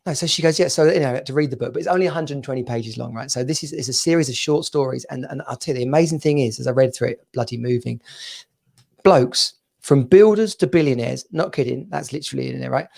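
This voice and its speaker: Gravelly and slightly mellow, this medium-pitched man talks fast while co-hosting a podcast over a video call. The chat is casual, and he rambles, repeats words and laughs frequently.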